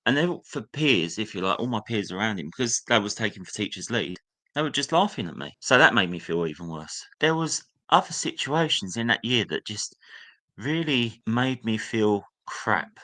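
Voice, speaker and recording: A young man recounts his schooldays in a candid, storytelling way. His voice sits fairly low but sounds bright and forward. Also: expressive, normal speed. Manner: candid, reliving memories, acts out a teacher's sneering voice. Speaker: guest. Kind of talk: personal storytelling.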